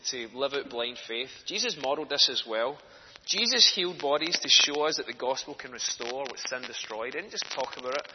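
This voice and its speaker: Earnest man preaching in echoey hall. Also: mid-range voice. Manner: earnest, storytelling, rising to passionate emphasis. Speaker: speaker for a children's charity preaching in church. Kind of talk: sermon. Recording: echoey hall, dull lo-fi sound, faint noise.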